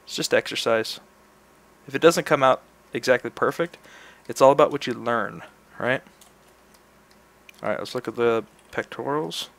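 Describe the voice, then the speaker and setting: A man's voice: mid-range voice, moderate pace, vocal fry, pauses often. A man in his thirties talking casually as he teaches an anatomy sculpting demo, explaining step by step as he works. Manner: relaxed, explains while demonstrating. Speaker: art instructor.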